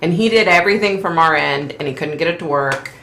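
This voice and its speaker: A woman's voice: deep voice, quick pace, a bit bright, roomy sound, slight background noise. A middle-aged woman hosting a live stream from home, chatting casually in a rambling way and laughing often. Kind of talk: casual chat.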